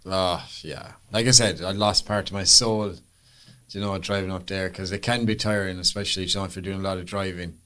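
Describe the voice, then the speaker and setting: A man's voice: low-pitched, steady tone, a little fast, a bit bright. An Irish man co-hosting a podcast, bantering in an easygoing way and throwing in teasing asides. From Ireland. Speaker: podcast co-host. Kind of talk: casual chat.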